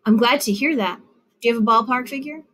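A woman reading the lines of a kindly male priest in a storybook reading, in a gentle, soft-spoken way. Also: a little high, quick pace.

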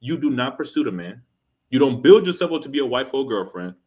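Man, reaction host, blunt, critical, repetitive, rhetorical questions, mid pitch. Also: big pitch swings, quick pace, darkish tone. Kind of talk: reaction commentary.

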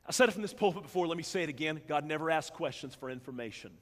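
A man preaching a sermon, swinging from loud emphatic build-ups down to hushed, low passages. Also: animated, rapid-fire. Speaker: pastor. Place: church sanctuary. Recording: long church hall reverb.

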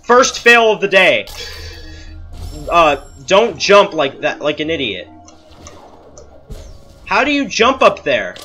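A man's voice: sits high, sharp tone. A young man giving casual gameplay commentary, ranting at the game in frustration and mocking himself. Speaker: let's play gamer.

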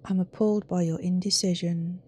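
A woman voicing a smug, coolly superior phone assistant in a measured, prim, cold way. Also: on the low side, steady tone, mellow, slightly rough.

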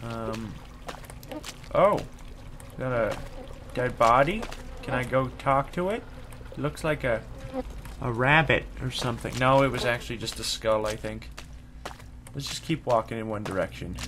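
A young man commenting on a horror game he plays in his room, easily startled and swearing, yelling at noises. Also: medium pitch, unhurried, pauses often, slight background noise. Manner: jumpy and profane, yelling at loud noises. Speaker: gaming let's play host. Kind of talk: let's play commentary. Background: game music.

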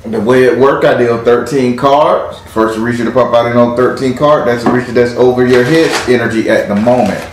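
A man's voice: medium pitch, a little fast, few pauses. A man doing a live tarot reading, joking and blunt with salty slang. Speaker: tarot reader. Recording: very echoey room, faint noise.

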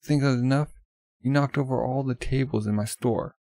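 A man's voice: mid-range voice, fairly even intonation, moderate pace, dark tone, no room sound, lightly acted. A man reading a comic aloud, voicing an angry male shopkeeper who scolds a customer in a slightly raised voice. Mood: indignant.

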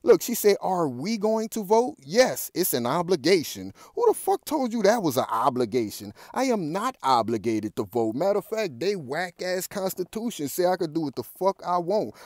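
A man's voice: a little high, big pitch swings, moderate pace, hardly any pauses, darkish tone, no room sound, studio quality. A man ranting through profane news commentary, talking straight to his viewers and punching his points with repeated curses. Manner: profane, confrontational, addresses viewers directly. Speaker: commentary vlogger.

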